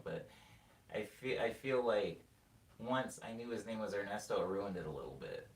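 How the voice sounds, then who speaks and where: A young man chats casually on a livestream, laughing as he rambles through anecdotes. His voice swings widely in pitch. He sits back from the mic in a roomy space with a faint hiss underneath. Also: normal speed, distant mic. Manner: rambling, laughs often, animated storytelling. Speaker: livestream host reading chat. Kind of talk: casual chat.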